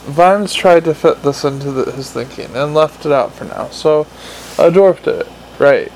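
A man reading a novel aloud as the narrator, telling the story at a steady, even pace. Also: fairly high pitch, moderate pace, slight background noise, poor audio. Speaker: audiobook narrator. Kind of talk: fiction narration.

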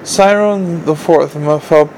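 A man's voice: fairly high pitch, darkish tone, slight background noise, poor audio. A man doing Cuddy, a fretful dwarf. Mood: uneasy. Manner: quick, fretful questions. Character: nervous, clever male dwarf watchman.

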